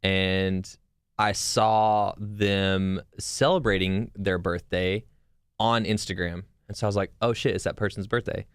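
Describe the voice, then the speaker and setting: A man's voice: sits low, fairly even intonation, unhurried, clean tone, dry recording, studio quality. A young man co-hosting a podcast, chatting casually, asking questions and laughing easily. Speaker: podcast co-host. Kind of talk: casual chat.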